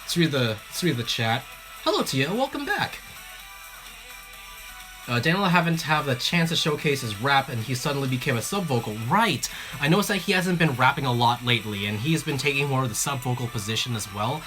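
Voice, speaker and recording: Excitable, chatty livestream host. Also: medium pitch, fast talker. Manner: excitable, chatty, many fillers and restarts, giggly. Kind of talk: casual livestream commentary. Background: faint background music.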